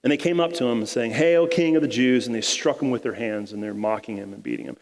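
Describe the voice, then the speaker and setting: Gravelly-voiced pastor preaching in a hall. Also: male voice, medium pitch, fast. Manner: casual and conversational, paraphrasing scripture in modern slang. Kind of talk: sermon.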